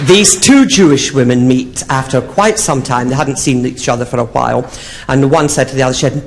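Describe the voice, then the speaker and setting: A man's voice: medium pitch, a little fast, gravelly. A man doing a drag comedy act on a theatre stage, telling saucy stories in a camp, sing-song manner. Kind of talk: bawdy stand-up storytelling. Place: theatre stage, live show.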